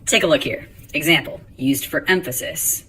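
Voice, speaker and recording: A man teaching a writing lesson, explaining grammar and rereading example sentences slowly and deliberately. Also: a little high, sharp tone, a little hiss or hum, poor audio.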